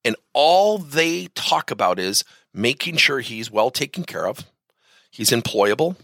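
A middle-aged man giving a motivational talk to business leaders, telling stories and swinging his pitch widely for emphasis. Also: big pitch swings, measured pace, vocal fry, a bit bright, dry recording. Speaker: business speaker addressing leaders.

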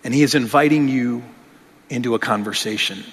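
Recorded with a large hall's long reverb, this pastor speaks at medium pitch, briskly and with a husky edge. His sermon is earnest and conversational, with frequent restarted phrases.

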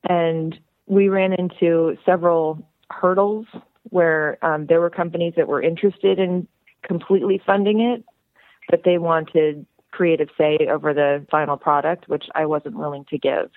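A woman's voice: sits low, moderate pace, dry recording. A woman filmmaker, a friendly and outgoing talker, telling her story as a guest in a phone interview. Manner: chatty, outgoing, animated storyteller. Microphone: telephone. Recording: tinny phone line.

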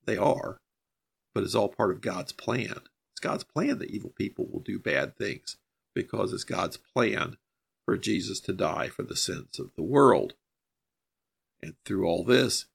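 A man's voice: low-pitched, big pitch swings, measured pace, gravelly, husky. A man teaching a Bible passage verse by verse on a podcast, explaining each verse plainly and then driving home the key points.

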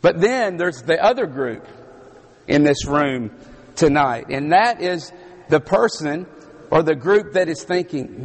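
A man preaching a sermon in a large hall, his voice slightly strained, speaking slowly and emphatically with dramatic pauses and a Southern US accent. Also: a little high, expressive, slightly rough. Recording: long hall reverb.

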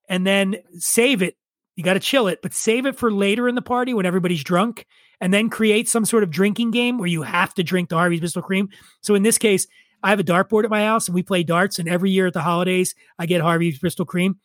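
Speaking fast in a voice that sits high and a bit bright, a forties-aged man on a podcast tells a meandering story laced with wry, profane asides. The chat is casual and the recording is dry.

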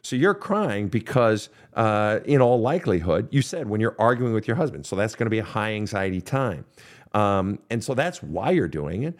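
A man's voice: lowish voice, very animated, moderate pace. A man hosting a counseling podcast, answering listener questions in a blunt, profane, direct manner. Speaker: counselor and show host.

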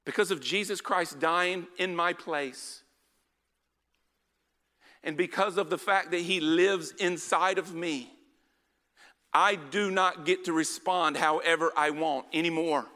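A man delivers a sermon with an emphatic, urging manner, pressing the congregation for answers. His voice sits high and sounds very bright and sharp. It rings out with a long reverb from a large hall. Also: slow, long pauses. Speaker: pastor.

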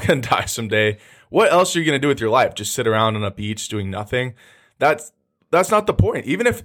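A young man hosting a casual podcast monologue, blunt and profane, talking loosely with many restarts. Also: on the low side. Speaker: podcast host.

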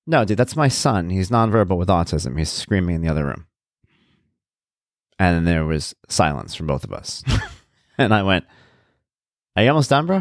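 A man with a lowish voice tells personal family stories in a casual, unscripted way. His pitch swings widely as he acts out the people he quotes, and the recording sounds dry and close with no room echo. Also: big pitch swings, moderate pace, long pauses. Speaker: father sharing personal stories.

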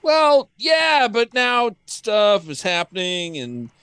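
A man's voice: high voice, sing-song, slow, pushed and bright, clean tone, dry recording, voice pushed up, heavily acted. A man voicing a scheming woman warlord who complains dramatically in a mock lament. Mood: whiny.

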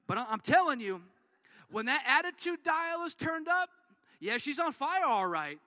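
High-voiced energetic male preacher. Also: moderate pace, dry recording, studio quality. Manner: energetic, repetitive, conversational preaching. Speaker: pastor. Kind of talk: sermon.

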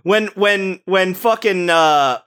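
Excitable young man ranting about movies. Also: sits high, takes it slowly, smooth. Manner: excited, swearing, full of restarts. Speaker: podcast co-host. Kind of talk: casual movie-review chat.

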